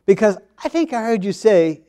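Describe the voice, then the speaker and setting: A man's voice: high-pitched, very animated, moderate pace, dark tone, pitched above the performer's own voice. A male preacher voicing Moses as a reluctant, incredulous man questioning what he was told. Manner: disbelieving, questioning.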